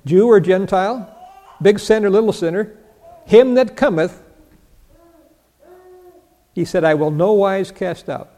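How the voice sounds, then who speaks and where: A man's voice: high-pitched, steady tone, moderate pace, warm tone. An older man preaching a sermon, teaching Bible verses, asking his listeners questions, answering them himself and chuckling as he goes. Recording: long reverb of a large hall.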